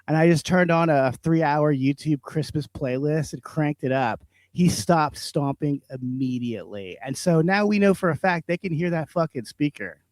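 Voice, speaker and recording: Male comedy podcaster, higher-pitched, foul-mouthed ranting, dry studio sound. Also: normal speed, few pauses, a little mellow, no echo. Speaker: podcast host. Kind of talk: profane comedic rant.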